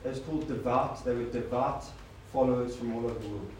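A man's voice: mid-range voice, steady tone, fast talker, a little mellow. Male preacher, mid-range voice, casual rhetorical sermon, echoey hall with faint hiss. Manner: rhetorical questions, informal asides to the congregation. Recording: roomy hall sound with faint noise.

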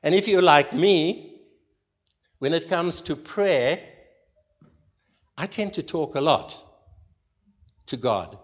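A man leading a church group, giving an informal sermon in a slow, earnest way and putting questions to the listeners. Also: on the high side, expressive. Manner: slow, earnest, pauses between phrases. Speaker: leader of a church group meeting. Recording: dull recording with long hall reverb.

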